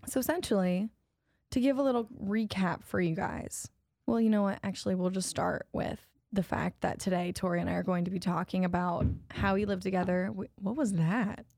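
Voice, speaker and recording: A woman's voice: mid-range voice, steady tone, moderate pace, vocal fry, a little mellow, no room sound, studio quality. A young woman co-hosting a casual podcast, playful and laughing often as she talks. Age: young adult. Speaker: podcast co-host. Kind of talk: casual chat.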